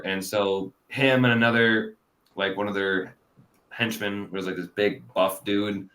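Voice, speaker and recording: A man's voice: lowish voice, little pitch movement, unhurried, a bit bright. A man hosting a casual review chat, rambling with lots of fillers and frequent laughs. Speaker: podcast host.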